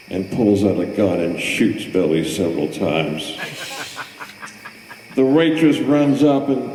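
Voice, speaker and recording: A man's voice: mid-range voice, a little slow, warm tone, a little hiss or hum. A man hosting a poetry event and reading a darkly comic story poem in a dry storytelling manner. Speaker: host and poet. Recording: echoey hall.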